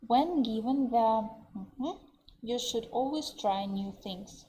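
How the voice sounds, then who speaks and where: Russian-accented lady teacher, higher voice, faint hiss behind her on a webinar mic. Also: mellow, poor audio. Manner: slow, explaining vocabulary and switching into Russian translations. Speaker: English teacher. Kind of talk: online webinar lesson. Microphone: computer mic on a webinar.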